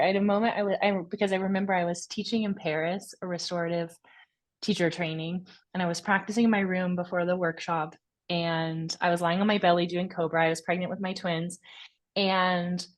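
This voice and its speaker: Chatty woman hosting a yoga class. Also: medium pitch. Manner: casual, chatty explanation while demonstrating. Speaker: yoga teacher and class host. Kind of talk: demonstrating and discussing poses in an online class.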